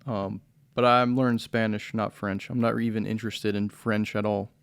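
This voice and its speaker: A young man hosting a podcast in casual, rambling chat, laid-back and quick to laugh and swear. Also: on the low side, level tone, gravelly, clean tone, dry recording, studio quality. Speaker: podcast host.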